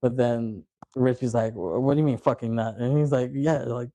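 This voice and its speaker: A man's voice: medium pitch, fairly quick, dark tone, no echo. A man hosting a podcast, casually retelling movie scenes and acting out the lines with frequent laughs. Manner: retells scenes in quoted voices, laughs often. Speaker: podcast host. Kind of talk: casual chat recapping a film.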